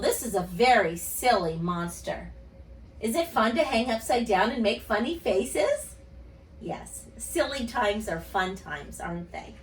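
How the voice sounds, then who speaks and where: A woman speech teacher reading and talking gently to young children in an online lesson. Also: a little high. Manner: gentle, slow, sing-song storytelling to kids. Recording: echoey room, voice a bit far from mic.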